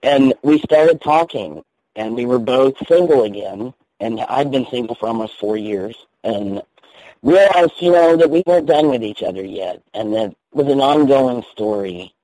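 A man with a soft North Carolina Southern accent tells his story in an easy, candid way, laughing now and then. His voice is warm and relaxed, recorded dry and close. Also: mid-range voice, moderate pace, no room sound, low-quality recording. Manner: chatty, candid, laughs easily. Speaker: guest minister. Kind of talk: storytelling in a radio interview.

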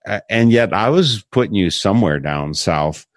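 Brief: man, radio host, very deep voice, dry close sound, measured questions. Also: animated, no room sound. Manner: measured, thoughtful, asks probing questions. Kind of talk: broadcast interview.

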